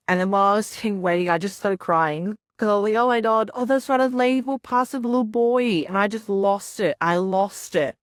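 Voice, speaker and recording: A woman's voice: low-pitched, no room sound, studio quality. A young woman on a podcast, telling her story in a rambling, casual way full of "like" and quoted asides.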